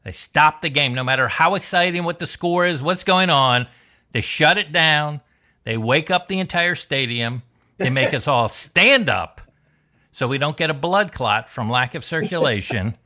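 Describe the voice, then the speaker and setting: A man doing a wry, deadpan stand-up comedy set alone in his room, telling stories and singing silly songs. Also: fairly high pitch, moderate pace. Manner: wry, deadpan storytelling with sung bits. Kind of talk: stand-up set over video call.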